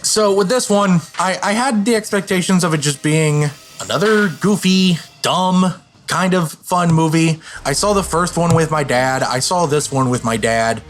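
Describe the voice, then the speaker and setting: A man's voice: fairly high pitch, moderate pace, slight background noise. A man hosting a casual podcast chat, teasing his co-hosts and moving the discussion along. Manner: teasing, steers the questions. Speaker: podcast host.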